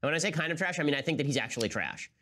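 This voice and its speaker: A man's voice: fairly high pitch, animated, very fast, bright, forceful tone. A man hosting a political commentary show, talking in a sarcastic, incredulous way. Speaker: host.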